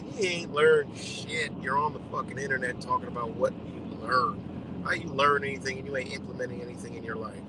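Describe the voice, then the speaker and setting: A man's voice: mid-range voice, fairly even intonation, a little fast, noisy background. A man hosting a live stream, ranting bluntly and exasperatedly with heavy swearing. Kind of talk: profane ranting commentary.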